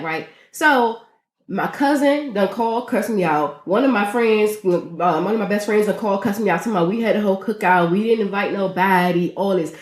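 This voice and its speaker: This female podcast co-host, whose mid-range voice has a roomy sound, narrates stories in easygoing chat. She swears liberally and acts out what people said with animated flair.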